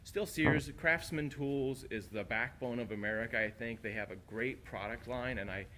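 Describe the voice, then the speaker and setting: A man with an ordinary mid-range voice rambles wistfully, thinking aloud as he stands outside a shopping plaza. Traffic and passing vehicles are clearly heard around him, and the handheld camera mic picks up the open street. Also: medium pitch, normal speed. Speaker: vlogger. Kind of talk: casual walking vlog. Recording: outdoor street noise. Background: traffic and vehicle noise, a plane overhead.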